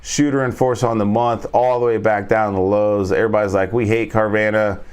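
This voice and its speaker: A man's voice: on the low side, level tone, a little fast, a little mellow, clear, resonant tone. A man hosting a casual trading stream, rambling and joking as he talks viewers through stock charts. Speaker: trading coach and stream host. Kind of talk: casual market commentary.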